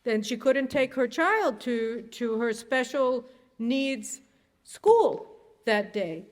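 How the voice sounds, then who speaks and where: A woman speaks to a crowd from a stage, and her fairly high voice rings out with a long reverb tail in a large hall. She talks in an animated, sarcastic way, stumbling into restarts and then driving her points home with rising indignation. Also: takes it slowly. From United States. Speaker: guest speaker. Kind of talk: public talk. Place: synagogue hall.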